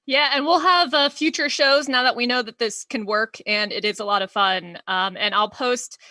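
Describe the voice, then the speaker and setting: A woman's voice: fairly high pitch, moderate pace, sharp tone, no room sound. A woman hosting an online comedy show, chatting playfully with a giggly, self-deprecating manner over a video call.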